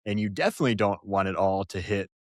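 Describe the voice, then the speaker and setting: A man's voice: sits low, fast, dry recording, studio quality. A man hosting a podcast interview, who talks in a thoughtful way with loose phrasing and fillers. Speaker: podcast host. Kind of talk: interview conversation.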